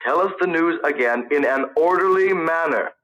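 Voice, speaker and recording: A man's voice: fairly high pitch, normal speed, fairly bright tone, lo-fi sound, natural voice. A man reading aloud, voicing a stern middle-aged father with a hot temper who keeps it in check with clipped words.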